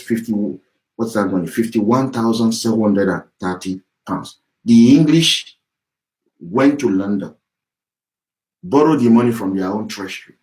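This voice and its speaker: Heated man with a low voice. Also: a little mellow, low-quality recording. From Yorubaland, southwest Nigeria. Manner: heated, profane, repetitive and mocking. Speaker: political activist. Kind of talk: impassioned political address.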